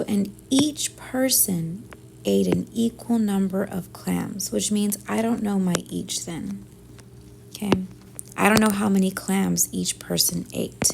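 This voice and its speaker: A woman teacher working through division word problems step by step, thinking aloud and often dropping to a soft near-whisper. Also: mid-range voice, gravelly, background noise. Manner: thinks aloud step by step, often softly under her breath. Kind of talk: math lesson walkthrough.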